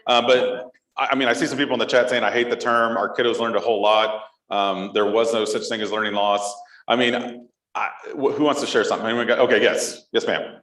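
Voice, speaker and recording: A man from Texas co-hosting a live podcast before an audience, playful and quick to laugh. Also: medium pitch, steady tone, fairly bright tone. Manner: playful, jokey, laughs often. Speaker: podcast co-host. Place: conference hall stage. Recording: echoey hall with crowd mic.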